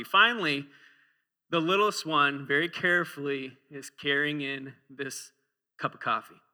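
Bright, tense-voiced male preacher. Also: a little high, clear, resonant tone. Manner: conversational, humorous, asks the congregation questions. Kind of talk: sermon. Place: church.

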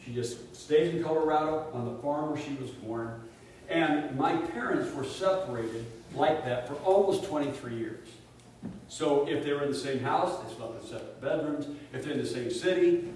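A man's voice: mid-range voice, normal speed. Man preaching in an echoey room. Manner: animated storyteller, drops to hushed tones for quoted family. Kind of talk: sermon, personal story. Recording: echoey room, speaker far from mic, faint hiss.

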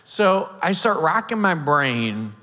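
A man from the United States preaching, telling a story in an animated way, acting out the quotes and laughing now and then. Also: a little high, takes it slowly. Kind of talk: sermon storytelling. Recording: long hall reverb.

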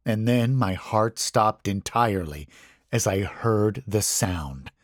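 Slow, low-voiced man narrating horror. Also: lively intonation, no room sound, clean studio sound. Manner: slow, hushed, tense delivery. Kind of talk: scripted horror story narration.

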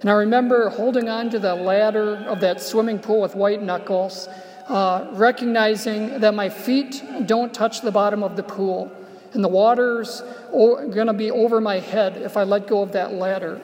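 A man preaching a homily, telling a personal story in a reflective way and slowing down softly on key phrases. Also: high voice, steady tone. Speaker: Catholic preacher. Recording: long church reverb.

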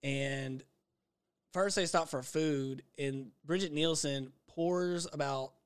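A man co-hosting a movie podcast in an animated, storytelling way. His voice sits a little high and sounds smooth and resonant. He keeps acting out lines from the film as he goes. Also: slow. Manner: animated, retells scenes by quoting characters. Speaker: podcast co-host. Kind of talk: casual movie-review chat.

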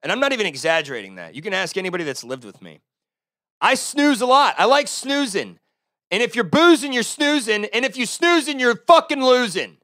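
Loud, profane Texan podcast ranter. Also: male voice, sits high, very animated, fairly quick, dry recording, clean studio sound. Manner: profane, ranting, swings between loud outbursts and muttering. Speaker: podcast host. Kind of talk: casual solo podcast rant. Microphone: close-talking podcast mic.

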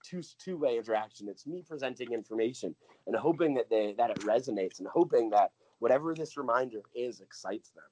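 A man's voice: medium pitch, expressive, brisk, few pauses, a little mellow, no echo, low-quality recording. A man speaking as a guest from a voter nonprofit, earnest and thinking aloud with lots of fillers and restarts. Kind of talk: casual conversational interview.

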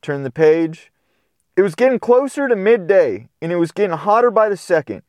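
Guy reading a kids' book out loud, lots of little asides, fairly high voice, dry close sound. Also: normal speed, no room sound. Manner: chatty asides, animated, playful commentary. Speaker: storybook reader. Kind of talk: casual read-aloud with commentary.

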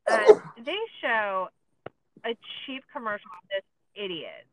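A woman's voice: mid-range voice, wildly swooping pitch, unhurried, gravelly, a bit bright, a little hiss or hum. A woman co-hosting a podcast, recapping a documentary in casual chat, with many filler likes and sarcastic asides. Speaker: podcast co-host. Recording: tinny phone-like sound, dry.

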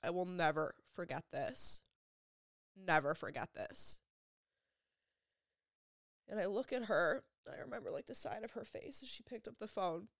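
A young woman vlogger telling a personal story, halting and emotional, with repeated phrases and frequent filler words. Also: lowish voice, creaky, dry recording, clean studio sound.

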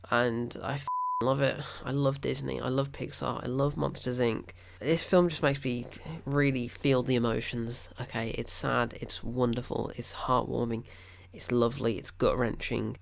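A man's voice: mid-range voice, vocal fry. A man, gushing and rambling in a casual film review. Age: 20s.

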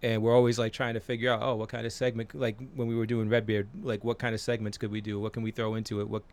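A man's voice: lowish voice, flat delivery, fast talker, darkish tone. A man in his forties, co-hosting a podcast in casual chat, rambling and swearing with many fillers. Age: 40s. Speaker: podcast co-host.

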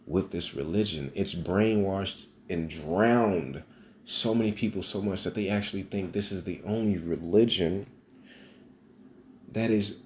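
A man's voice: low-pitched, measured pace, a little mellow, echoey room, slight background noise. A man telling a personal story in casual, profane, rambling talk, growing emphatic.

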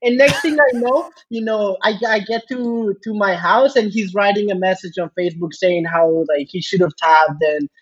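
A man's voice: sits high, steady tone, normal speed, few pauses, dull audio, a little hiss or hum. A man telling a story as a podcast guest, rambling with lots of fillers and restarts, laughing often. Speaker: podcast guest, jiu-jitsu student. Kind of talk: casual storytelling chat.

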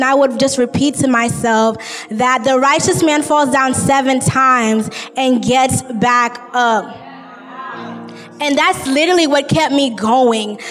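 A young woman giving a spoken faith testimony to a gathering, in casual slangy talk full of filler words that builds to shouted praise. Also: sits high, big-room sound. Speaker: testimony speaker.

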